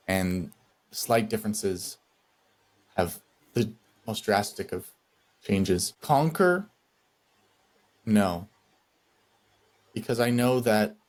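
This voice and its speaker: A man co-hosting a podcast in casual chat, reflective and measured as he thinks aloud. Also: fairly low pitch, a little mellow. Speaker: podcast co-host.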